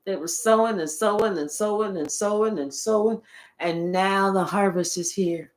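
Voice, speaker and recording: A woman giving a casual channeled reading, swearing often and telling playful, animated stories. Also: medium pitch, moderate pace. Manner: profane, playful, animated storytelling. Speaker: spiritual tarot reader.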